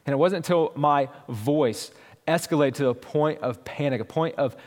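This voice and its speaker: A man's voice: mid-range voice, moderate pace, darkish tone, long reverb tail. A man in his thirties preaching a sermon as pastor, conversational and storytelling, with frequent restarts.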